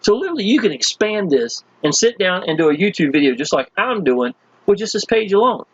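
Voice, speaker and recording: A man giving a casual, enthusiastic sales pitch as he walks through web pages, speaking folksy and chatty. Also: big pitch swings, fairly quick, husky, dry recording, dull audio. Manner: folksy and enthusiastic, constantly addressing listeners as "y'all". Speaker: online marketing promoter.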